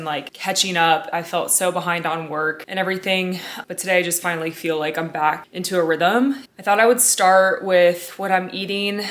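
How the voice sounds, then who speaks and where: A woman's voice: fairly low pitch, a bit bright. A woman in her twenties, talking to camera in a chatty, upbeat casual vlog from her home kitchen, often saying "like". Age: 20s. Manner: chatty, upbeat, uses "like" a lot. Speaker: vlogger.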